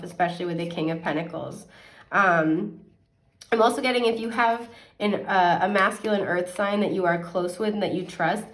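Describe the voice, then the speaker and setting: Young woman tarot reader, casual and chatty, slightly sniffly; recorded off-mic in a roomy space. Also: mid-range voice. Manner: chatty, filler-heavy, gentle advice. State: sniffly, with occasional coughs. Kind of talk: casual pick-a-card reading. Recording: echoey room, mic at a distance.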